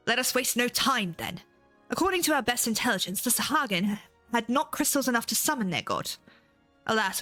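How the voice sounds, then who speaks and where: A woman's voice: fairly high pitch, pushed and bright. Stern formal admiral, as a woman reads her. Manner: archaic formal reading. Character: stern commanding female admiral. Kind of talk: reading game dialogue aloud.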